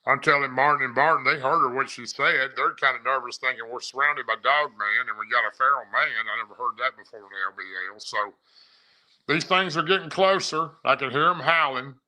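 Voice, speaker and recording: A man's voice: medium pitch, a little fast, sharp tone, poor audio. A man telling his own encounter story in a casual, rambling way, often repeating and restarting his phrases. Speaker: eyewitness recounting an encounter. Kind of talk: casual first-person storytelling.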